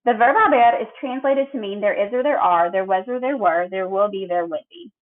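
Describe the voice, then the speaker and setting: A woman teaching a recorded grammar lesson, explaining patiently and drilling verb forms clearly. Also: mid-range voice, fairly quick. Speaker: Spanish teacher. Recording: tinny phone-like audio.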